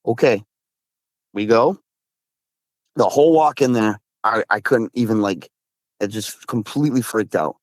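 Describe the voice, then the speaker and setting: Excitable man telling a story. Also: lowish voice, measured pace, pauses often, no room sound. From Massachusetts. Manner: excitable, swears, says dude a lot, frequent restarts. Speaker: guest recounting encounters. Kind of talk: casual storytelling.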